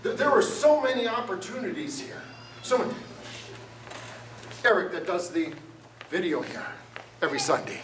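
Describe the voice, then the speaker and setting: A man's voice: sits high, very animated, moderate pace, long pauses, a bit bright, slight background noise. A man preaching a sermon to his congregation, conversational and joking with them. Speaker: pastor. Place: church sanctuary. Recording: roomy church sound from a distance. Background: guitar music.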